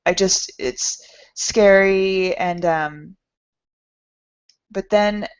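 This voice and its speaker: A woman hosting a podcast, giving an earnest, encouraging motivational talk straight to her listeners. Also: fairly low pitch. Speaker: podcast host. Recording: dull lo-fi sound.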